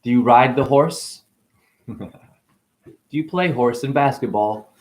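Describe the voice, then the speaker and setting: A man's voice: medium pitch, takes it slowly. A man acting as a spiritual teacher, talking through a rambling monologue with free-associating wordplay and musing asides.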